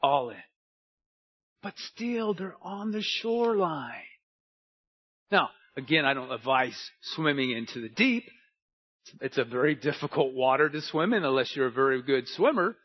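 A man preaching a sermon with a somewhat high voice that moves between a quiet, intimate hush and loud, emphatic passages. The recording is dull and lo-fi, with the top end muffled. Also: lively intonation, moderate pace, slightly rough. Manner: preaching with wide swings from hushed to emphatic. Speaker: pastor. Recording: dull lo-fi sound.

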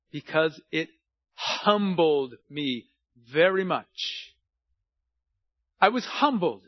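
A middle-aged man preaches in a relaxed, conversational sermon, weaving in personal stories and poking fun at himself. His voice sits high for a man. The recording is dry and slightly muffled. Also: slow pace, pauses often, no room sound. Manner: conversational preaching with personal anecdotes and self-deprecating humor. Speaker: pastor.

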